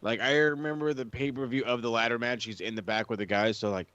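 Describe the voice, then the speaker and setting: Profane, animated male wrestling podcaster. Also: mid-range voice, fast, no echo, muffled recording. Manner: profane, animated retelling with lots of quoted voices. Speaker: podcast co-host. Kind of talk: casual chat.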